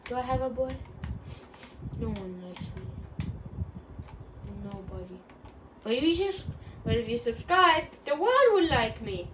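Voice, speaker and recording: A gaming channel host rambles through silly, self-joking commentary while playing a video game in this casual gameplay talk. Her voice is a little high, expressive, and unhurried, with long pauses, and the distant mic picks up clear background noise.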